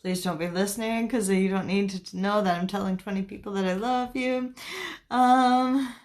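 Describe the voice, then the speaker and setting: A woman's voice: medium pitch, fairly even intonation, normal speed, darkish tone. Giggly, scattered woman chatting on a livestream. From Canada. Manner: giggly, scattered, talks to viewers' comments. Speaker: spiritual livestream host. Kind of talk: casual livestream chat.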